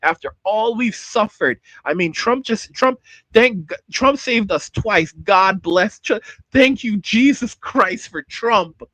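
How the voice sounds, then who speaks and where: A man with a high, raised voice rants angrily on a livestream, firing back at his chat. He talks in heated bursts and repeats himself. The sound is close and dry, with no room around it. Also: animated, takes it slowly, sharp tone, no echo. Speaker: channel host. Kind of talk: livestream rant reacting to chat.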